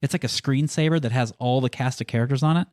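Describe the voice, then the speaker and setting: A man chatting casually on a tabletop game podcast, relaxed and agreeable as he goes over listener mail. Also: medium pitch, fast talker, no echo, clean studio sound. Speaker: podcast player.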